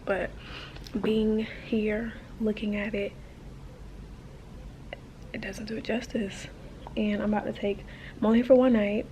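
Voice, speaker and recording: A woman's voice: medium pitch, level tone, a little slow, pauses often, mellow, a little hiss or hum. A woman of thirty talking to camera in a hotel in the desert, chatty and emotional, with lots of fillers. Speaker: travel vlogger. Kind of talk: casual vlog talk to camera.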